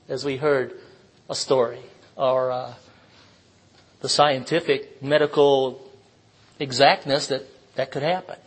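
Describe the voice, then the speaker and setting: A man's voice: mid-range voice, unhurried, pauses often, husky, poor audio. A man preaching an informal sermon in a conversational way, asking the listeners questions and telling personal stories.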